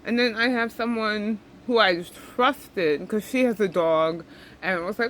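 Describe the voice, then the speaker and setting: A woman's voice: medium pitch, unhurried, fairly bright tone, slight background noise, rough recording. A young woman venting to camera, upset and rambling, often repeating herself. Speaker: vlogger.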